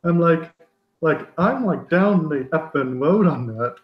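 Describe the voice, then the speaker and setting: A man's voice: on the high side, lively intonation, unhurried, pitched above the performer's own voice. A man doing an exasperated ranting film director. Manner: exasperated, mocking, profane. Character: irritated male film director ranting at fans. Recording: roomy, dull lo-fi sound.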